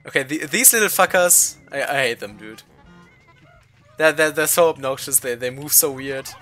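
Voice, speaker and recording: Bright-voiced man streaming a game. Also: mid-range voice, normal speed, soft background music. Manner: casual, swears freely, laughs often. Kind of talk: casual gameplay commentary.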